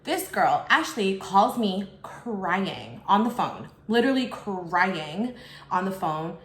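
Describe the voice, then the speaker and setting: A chatty young woman spills a story in a casual storytime while eating, filling her talk with "like" and acting out what others said. Her voice sits at a middling pitch, and the recording carries a roomy echo. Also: very animated, slow pace. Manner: chatty, fills speech with "like", acts out others in quotes. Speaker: vlogger.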